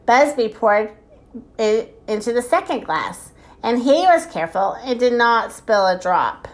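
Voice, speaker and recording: A woman reading a children's storybook aloud at a slow, gentle pace. Her voice sits slightly high and she adds expressive sound effects.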